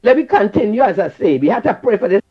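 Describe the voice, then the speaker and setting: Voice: medium pitch, sing-song, quick pace, slightly rough. A caller with a Trinidadian accent, scolding fervently and repeating phrases on a call-in show. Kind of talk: impassioned call-in rant. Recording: dull lo-fi call-in line.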